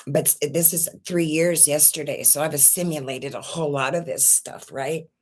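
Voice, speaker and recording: A woman's voice: sits low, steady tone. Raw, tearful woman venting. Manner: raw, distressed, swearing, halting restarts. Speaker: channel host. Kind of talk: emotional personal vlog.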